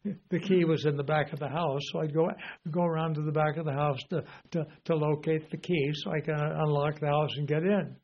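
A man's voice: on the high side, steady tone, fairly quick, slight background noise. An older man teaching the Bible in an informal sermon, rambling and folksy with lots of fillers. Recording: dull lo-fi recording.

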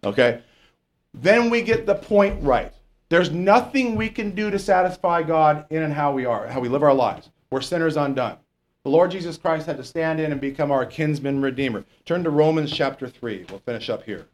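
A male pastor preaches in a church, his voice sitting a little high and swinging widely in pitch. He keeps putting questions to the congregation and checking in with "okay?" as he goes. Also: expressive, normal speed. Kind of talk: sermon.

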